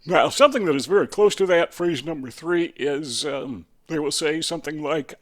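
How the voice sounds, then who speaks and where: A man with a slightly higher-than-usual voice talks straight to his viewers in a relaxed, unscripted monologue. He muses aloud, poses rhetorical questions and slips in dry jokes. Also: normal speed, few pauses. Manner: musing, asks rhetorical questions, dry humor. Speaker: video host. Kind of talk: casual spoken monologue.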